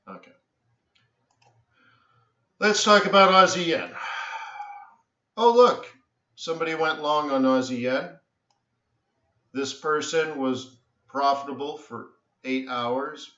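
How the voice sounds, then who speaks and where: A tired man rambles through animated stories while hosting a live trading stream and keeps saying "so anyways". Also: mid-range voice. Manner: animated storyteller, says "so anyways" often, trails off. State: tired from little sleep. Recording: echoey room, dull lo-fi sound.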